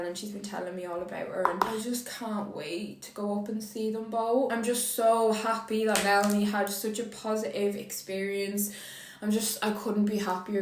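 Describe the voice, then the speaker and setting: A young Irish beauty vlogger with a medium-pitched voice chats casually while doing her makeup. She's talkative and emotional and swears casually. The audio is poor, with an echoey room.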